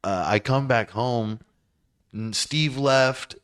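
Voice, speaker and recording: A man's voice: fairly low pitch, animated, slow pace, a bit bright. A man hosting a podcast, telling a story in a profane, rambling, self-mocking way. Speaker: podcast host. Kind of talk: casual storytelling.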